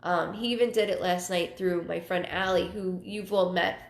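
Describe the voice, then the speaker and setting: Gravelly low-voiced woman medium. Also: steady tone. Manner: halting, repeats words, emotional personal storytelling. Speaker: psychic medium hosting a live reading show. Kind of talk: casual livestream talk. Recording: roomy echo.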